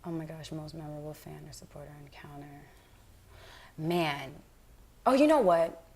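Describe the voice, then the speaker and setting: A young woman comedian talking in a casual interview, with a voice that sits a little low for a woman. She tells frank, animated stories, swears freely and laughs easily, often slipping into quick impressions of the people she quotes.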